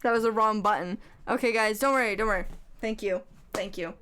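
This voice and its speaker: A woman's voice: mid-range voice, brisk, a bit bright, a little hiss or hum. A young adult woman livestreamer in casual chat, giggly, rambling and self-mocking.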